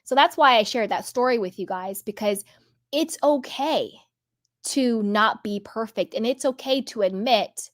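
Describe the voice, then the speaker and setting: A woman hosts a reality TV commentary vlog in a slightly high voice. She talks candidly and earnestly and slows down to press on the words that matter. It sounds like personal storytelling straight to her viewers. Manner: earnest and emphatic, stretching key words. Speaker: vlog host.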